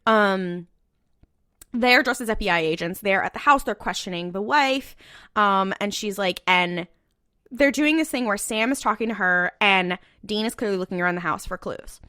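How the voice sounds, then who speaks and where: This podcast co-host has a medium-pitched, pushed and bright but clean voice at normal speed, recorded dry in a clean studio. Chatting casually on a rewatch show, she recaps an episode with breezy profanity and many filler words.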